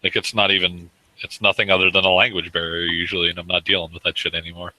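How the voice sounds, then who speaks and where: A man's voice: low-pitched, level tone, fast, bright, forceful tone, rough recording. A man in casual online voice chat, talking in a blunt, profane way. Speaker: voice chat regular. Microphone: online voice chat mic.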